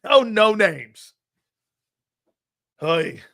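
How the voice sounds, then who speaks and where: A middle-aged man hosting a sports talk show, telling stories in a chatty, rambling way, laughing at himself and jumping between low mutters and loud exclamations. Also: big pitch swings, very slow, gravelly. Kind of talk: casual storytelling talk.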